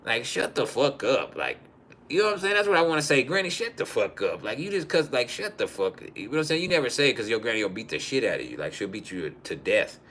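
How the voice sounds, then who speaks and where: A man hosting a live stream, telling rambling, profane comedic stories in an animated way. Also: mid-range voice, fast talker.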